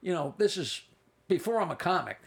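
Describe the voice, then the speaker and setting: A man's voice: high-pitched, very animated, brisk, creaky, a little hiss or hum. A man in his sixties, a comedian, telling rambling anecdotes with asides and restarts in a casual interview. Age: 60s. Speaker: comedian guest.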